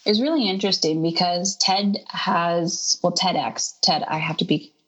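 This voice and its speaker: A woman's voice: lowish voice, moderate pace. A woman in her thirties, a podcast guest, telling a personal story in a casual conversation and acting out the people in it. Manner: animated storyteller, quotes herself and others in lively voices. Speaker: interview guest.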